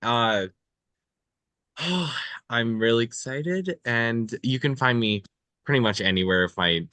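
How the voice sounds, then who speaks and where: Hesitant man, slow and bright. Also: medium pitch, dry recording. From Alberta, Canada. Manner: hesitant, shy. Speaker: table read participant. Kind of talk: casual self-introduction.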